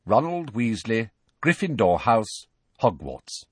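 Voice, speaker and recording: A man's voice: lowish voice, big pitch swings, slow, darkish tone, husky, dry recording, exaggerated voice. A man voicing a touchy, sulky teenage schoolboy who talks curtly and grumbles, in an audiobook. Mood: puzzled. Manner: curt, grumbling.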